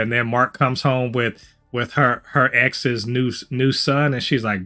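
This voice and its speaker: A man's voice: mid-range voice, moderate pace, a bit bright, faint music behind. A man co-hosting a TV review podcast, chatting animatedly with lots of swearing and restarts. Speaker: podcast co-host. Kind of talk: casual review chat.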